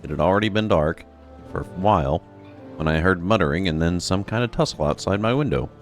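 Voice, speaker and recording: A man's voice: sits low, animated, fairly quick, soft background music. A man reading out a game's dialogue while voicing a chatty, dramatic townswoman who witnessed a crime. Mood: storytelling. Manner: chatty, dramatic, pious exclamations. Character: gossipy upset townswoman, a witness. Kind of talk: reading game dialogue aloud.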